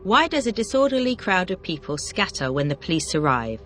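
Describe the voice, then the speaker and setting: Faint music runs under this teacher's language drill as she reads out individual vocabulary words, then rapidly quizzes with brisk questions in a scripted question-and-answer format. Her voice is middle-pitched, fairly bright, and sing-song, its intonation rising and falling widely.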